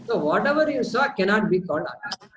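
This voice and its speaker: A man leading a question-and-answer teaching session, lively, with lots of rhetorical questions and repeated words as he works through a point. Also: high voice, quick pace, a little hiss or hum, rough recording. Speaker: spiritual teacher.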